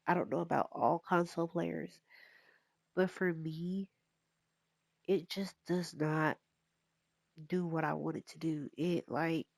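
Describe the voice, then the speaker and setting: A woman with a stuffy nose talks slowly in a gravelly, slightly low voice, rambling through a casual gameplay chat. The sound is dry and close. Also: no echo. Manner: rambling, relaxed, with fillers. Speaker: gaming YouTuber.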